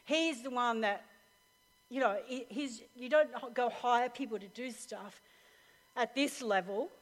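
Brief: high-pitched woman pastor, lively story-driven sermon, long hall reverb. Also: measured pace. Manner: animated storytelling, laughs often. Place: church hall with live audience. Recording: reverberant live hall recording.

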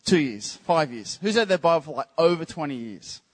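A man's voice: a little high, lively intonation. Chatty, teasing man preaching a sermon. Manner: chatty, teasing, addresses the crowd with quick questions. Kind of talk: casual, joking sermon to a congregation. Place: church service.

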